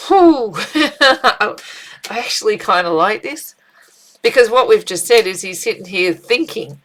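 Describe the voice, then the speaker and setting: A middle-aged woman giving a casual spiritual tarot reading, chatty and animated, with frequent fillers and restarts. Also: medium pitch, unhurried, a little hiss or hum, poor audio. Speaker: tarot reader.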